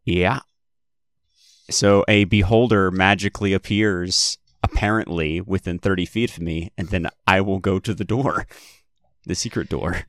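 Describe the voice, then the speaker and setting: A man with a low, deep voice calmly explains a card's rules to the table during a tabletop game. The sound is dry and close. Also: unhurried, no room sound. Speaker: player.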